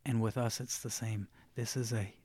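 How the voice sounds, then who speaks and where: Brief: male podcast co-host, supportive, quiet earnest delivery, dry close mic. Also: steady tone, moderate pace, slightly rough, dry recording. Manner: supportive, drops to a soft low voice when making a point. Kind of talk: casual chat.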